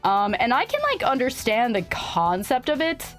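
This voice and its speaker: A woman's voice: fairly high pitch, sing-song, normal speed, fairly bright tone, soft background music. A young woman streaming live, chatting casually with her viewers, rambling with lots of "like" and laughing often. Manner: rambling, filler-heavy, laughs often, reads chat aloud. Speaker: VTuber streamer.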